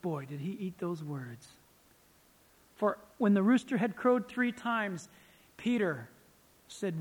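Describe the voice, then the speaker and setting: A man preaching a sermon as pastor, animated and acting out little scenes. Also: sits high, slow pace, pauses often, slightly rough, long reverb tail.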